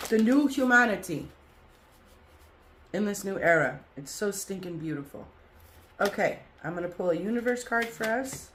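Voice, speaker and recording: A woman's voice: mid-range voice, lively intonation, normal speed, long pauses, fairly bright tone, a little hiss or hum. A woman hosting a spiritual group talk and card reading, speaking in an effusive way with chant-like repetition.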